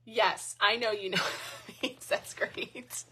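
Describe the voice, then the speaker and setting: A woman's voice: mid-range voice, steady tone, slow pace, background noise. A middle-aged woman hosting a live card reading, chatting casually and thanking viewers by name. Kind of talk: casual live-stream chat.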